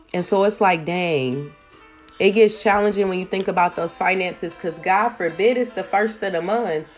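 A woman who is a single mother, talking in a casual, conversational way about raising her kids, with plenty of "you know" and "like" asides. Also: on the low side. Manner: conversational, with many fillers and asides. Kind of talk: casual advice monologue.

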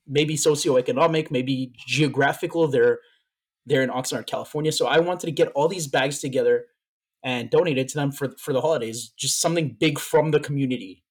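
A man's voice: on the high side, slightly rough. A man co-hosting a casual podcast, telling a story at length. He doubles back on his words as he goes. He sounds moved and a little out of breath. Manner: rambling, repeats words while telling a story. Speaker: podcast co-host. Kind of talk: casual chat.

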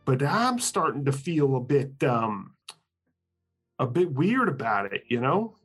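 A man chats loosely at a tabletop-game session, rambling and hedging with lots of "um" and quick laughs. His voice sits in the middle range, and faint music plays behind him. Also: mid-range voice, sing-song, fairly bright tone, slightly rough. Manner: rambling, hesitant, laughs often. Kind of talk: casual chat in a tabletop game podcast.

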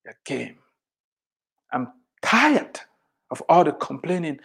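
An emphatic motivational speaker addresses the crowd, hammering points home by repeating them. The delivery swings between loud declarations and quiet asides, driven by rhetorical questions. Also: mid-range voice, sing-song, takes it slowly, creaky, breathy edge. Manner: emphatic, repeats lines for effect.

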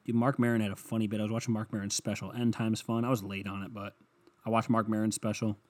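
A man's voice: lowish voice, little pitch movement, quick pace. A young adult man rambling and ranting at home, sarcastic and full of swearing, in a solo comedic monologue.

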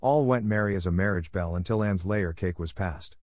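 A man narrating a classic storybook in a measured, steady reading. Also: low voice, no echo. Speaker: audiobook narrator.

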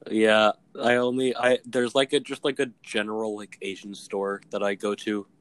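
A man's voice: lowish voice, little pitch movement, moderate pace, fairly bright tone. A young man in casual chat, rambling with lots of filler words. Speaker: conversation partner.

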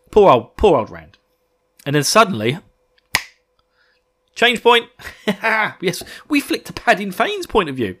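A man's voice: high-pitched, big pitch swings, a little slow, long pauses, a bit bright, slightly rough. A man hosting a casual book podcast, enthusiastic and rambling, laughing often. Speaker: podcast host.

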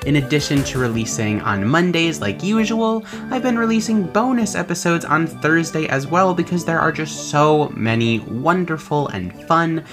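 A man hosting a solo podcast, chatting casually and playfully. His pitch swings widely and lively as he explains things and tosses in joking asides. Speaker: podcast host.

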